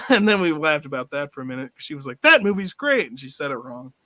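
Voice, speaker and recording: A man's voice: medium pitch, animated, fast, fairly bright tone, dry recording. A man co-hosting a casual movie review chat, joking and quoting lines in put-on voices, laughing often. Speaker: podcast co-host.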